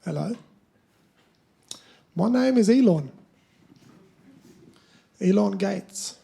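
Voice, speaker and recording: A man's voice: high voice, animated, very slow, gravelly, mellow, full character voice. A man playing a boastful, self-satisfied South African rocket scientist with a South African accent. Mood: smug. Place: theatre stage.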